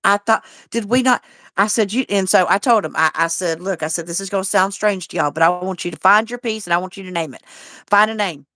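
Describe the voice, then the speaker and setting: A woman's voice: mid-range voice, fairly quick, bright, forceful tone, dry recording, clean studio sound. A woman hosting a casual livestream, talking in a chatty, folksy way and greeting viewers by name. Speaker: livestream host.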